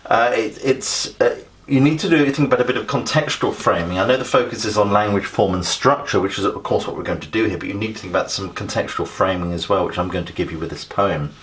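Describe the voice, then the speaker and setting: Low-voiced man giving a revision lesson. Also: fairly bright tone. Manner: conversational, with frequent fillers and restarts. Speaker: English literature teacher.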